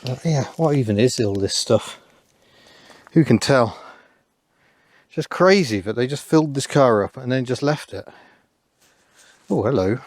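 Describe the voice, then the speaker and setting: A man's voice: medium pitch, lively intonation, a little slow, pauses often, a little mellow. A man, commenting casually with dry, self-deprecating asides while he picks through an old car in an overgrown rural yard. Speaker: car vlogger.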